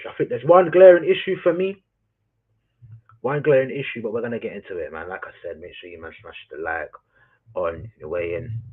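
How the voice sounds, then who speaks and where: A man's voice: mid-range voice, breathy edge. A man ranting about his football team on a live stream, swearing, repeating himself and calling his chat "people.". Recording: tinny phone-like audio.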